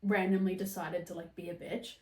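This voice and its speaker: A woman's voice: fairly low pitch, little pitch movement, fairly quick, darkish tone, recorded from a distance. A young adult woman telling a story in casual podcast chat, chatty and swearing freely. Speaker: podcast host. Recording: roomy echo.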